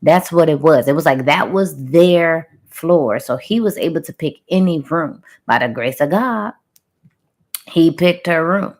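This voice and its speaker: A woman reading a channeled story to her viewers in casual chat, with playful sound-effect words tossed in. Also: low voice. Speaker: spiritual reader telling a channeled story.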